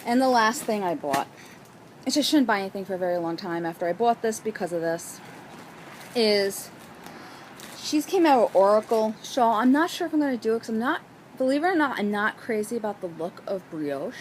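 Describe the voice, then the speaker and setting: A woman's voice: mid-range voice, lively intonation, a little fast, slight background noise, poor audio. A young woman hosting a knitting podcast outdoors, chatting casually and gushing about her latest purchases. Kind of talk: casual chat.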